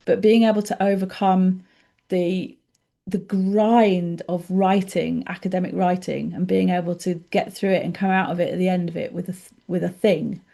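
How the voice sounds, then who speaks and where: A woman's voice: on the low side, little pitch movement, normal speed, vocal fry, warm tone. A woman, a neurodiversity coach, answering interview questions in an earnest, reassuring way. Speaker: ADHD and neurodiversity coach, podcast guest.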